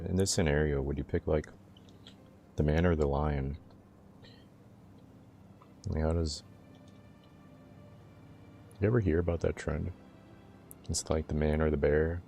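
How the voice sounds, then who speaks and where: A young man hosting a casual livestream, his voice low and gravelly with a dark, mellow tone. He teases his chat in a relaxed, playful way and laughs easily, while a faint hiss sits behind him. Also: measured pace, long pauses. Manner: teasing, laid-back banter with chat, laughs often.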